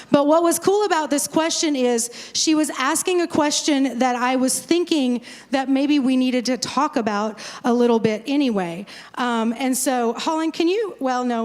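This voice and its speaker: A woman pastor in her forties talking casually to a crowd, joking and rambling with asides. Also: sits high. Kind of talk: casual talk to a conference crowd. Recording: long hall reverb.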